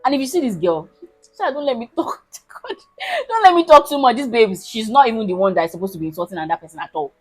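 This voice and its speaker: Husky young Nigerian woman telling a story. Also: fairly high pitch, quick pace, soft background music, poor audio. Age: 20s. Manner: animated, emphatic, keeps asking listeners if they understand. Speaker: vlogger. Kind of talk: casual storytelling.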